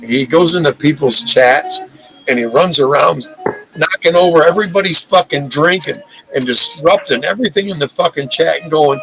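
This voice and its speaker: A man's voice: a little high, normal speed, creaky, bright, forceful tone, faint music behind, rough recording. A man hosting a live stream, talking in a heated, profane rant and often stumbling over and repeating his words. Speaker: livestream host.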